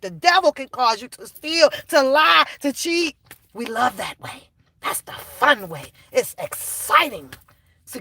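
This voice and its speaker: A woman's voice: fairly high pitch, dry recording. Preachy woman repeating herself, dry close sound. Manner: preachy, animated, repeats lines for emphasis. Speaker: livestream host. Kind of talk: casual livestream talk.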